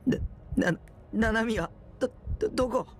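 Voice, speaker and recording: A man's voice: very high-pitched, moderate pace, voice pushed up. A man voicing a terrified, stammering teenage boy in a game reading. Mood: frightened. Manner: stammering, pleading.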